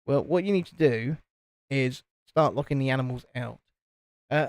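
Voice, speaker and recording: Man, joking, rambling, very lively pitch, dry close sound. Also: moderate pace, dry recording. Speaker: co-host of a live building stream. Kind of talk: casual chat.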